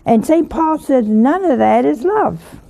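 A woman's voice: sits high, expressive, unhurried, gravelly, mellow. A woman giving an informal sermon in a folksy way, often asking her listeners rhetorical questions. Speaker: religious teacher.

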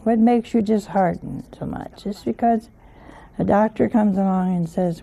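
A woman's voice: medium pitch, steady tone, moderate pace, gravelly, warm tone. A woman giving an informal sermon in a folksy way, often asking her listeners rhetorical questions. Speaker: religious teacher.

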